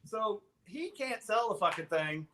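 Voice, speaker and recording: A man in his fifties hosting a podcast, telling a childhood story in an animated, profane way and slipping into voices. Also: high voice, moderate pace, noisy background. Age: 50s. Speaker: podcast host. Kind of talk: casual storytelling.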